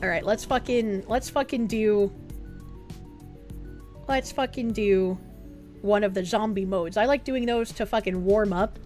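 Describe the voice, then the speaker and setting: A woman streamer chatting casually with her viewers, swearing freely and thinking out loud as she reads their messages. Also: medium pitch, measured pace, long pauses, soft background music. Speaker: live streamer reading chat.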